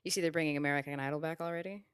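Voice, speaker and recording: A woman hosting a podcast, chatting casually, curious and quick to laugh. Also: low voice, fairly even intonation, a bit bright, smooth, no room sound, clean studio sound. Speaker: podcast host.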